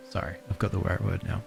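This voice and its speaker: With a low voice and some vocal fry, an Australian streamer chats casually through a cozy game. He giggles while reading the in-game letters out loud, let's-play style.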